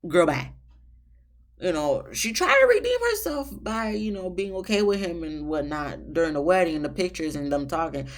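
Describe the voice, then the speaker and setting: A woman recapping a reality show episode in a casual, sassy, exasperated way, jumping up high for emphasis. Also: sing-song, moderate pace.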